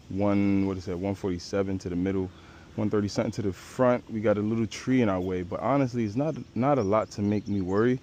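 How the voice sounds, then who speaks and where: A man's voice: on the low side, dark tone, slight background noise. A young man casually narrating his golf round outdoors on a course, playful and chatty, joking and talking to his ball. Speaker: golf vlogger.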